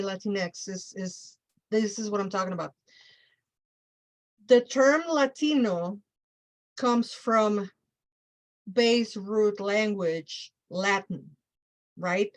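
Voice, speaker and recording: Woman minister explaining, measured. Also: medium pitch. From United States. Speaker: guest minister. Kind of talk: remote interview. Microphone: online call.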